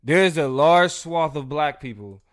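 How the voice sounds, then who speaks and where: A man co-hosts a casual live discussion, rambling with fillers and quick laughs. His voice is smooth and clear, and the sound is dry and close with no room around it. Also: on the high side, no room sound. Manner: loose and animated, frequent fillers, laughs while talking. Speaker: podcast co-host.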